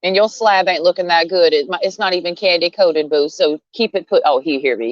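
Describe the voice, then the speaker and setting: A woman vlogging from under a tree outdoors rants casually at the camera in a lowish, slightly fast voice. Sarcastic and blunt, she curses freely and laughs between jabs. The recording is dry, with a dull, lo-fi quality.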